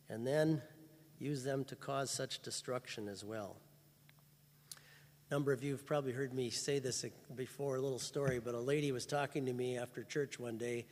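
Male pastor, slightly high-pitched, earnest sermon delivery, reverberant hall. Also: a little mellow. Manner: earnest storytelling, rising to fervent emphasis. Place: church chapel.

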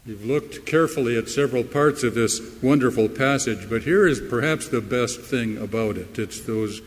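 A man preaching a sermon as pastor, slow and emphatic, with dramatic pauses and swelling emphasis, in a church sanctuary. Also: medium pitch. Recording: long hall reverb.

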